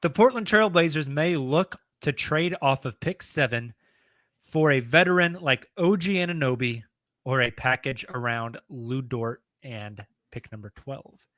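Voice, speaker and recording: A man's voice: medium pitch, measured pace, a bit bright, no echo. A man co-hosting a casual sports podcast, reading out trade rumors and arguing his points emphatically. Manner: emphatic, argues by role-playing hypotheticals.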